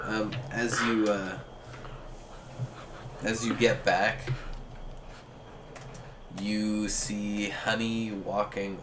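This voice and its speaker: A man's voice: lowish voice, noisy background. A man running a tabletop game as game master, narrating with frequent hesitant ums.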